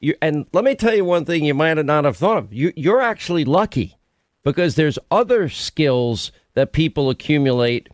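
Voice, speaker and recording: A man's voice: on the high side, expressive, normal speed, no echo, studio quality. A middle-aged man hosting a radio talk show, telling stories casually and breaking in with questions. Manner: conversational storytelling, interrupting with questions.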